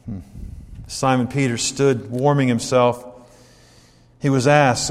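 A man's voice: medium pitch, steady tone, takes it slowly, pauses often, big-room sound. A man preaching a sermon in a church, reading scripture and asking rhetorical questions in a conversational way, stopping often to correct himself.

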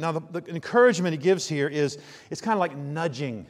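Folksy preacher in a reverberant hall. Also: male voice, on the high side, animated, breathy edge. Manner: folksy storytelling with emphatic drawn-out phrases. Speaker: pastor. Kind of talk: sermon. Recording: long reverb of a large hall.

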